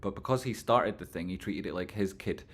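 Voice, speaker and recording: Man, livestream host, lowish voice, bright forceful tone, rambling and sweary. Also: fairly quick. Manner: rambling, swears, talks back to chat. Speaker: livestream host reading chat. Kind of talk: casual livestream chat.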